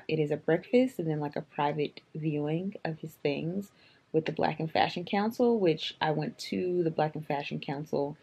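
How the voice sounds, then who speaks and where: A woman fashion vlogger chatting casually to camera, filling her talk with "um" and "like", in a low, husky morning voice. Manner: chatty, lots of "um" and "like".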